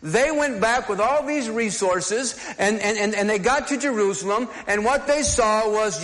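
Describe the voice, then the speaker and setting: High-voiced preacher in a reverberant hall. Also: male voice, unhurried, hardly any pauses, a bit bright. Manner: conversational preaching with frequent restarts and repeated words. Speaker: pastor. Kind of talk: sermon.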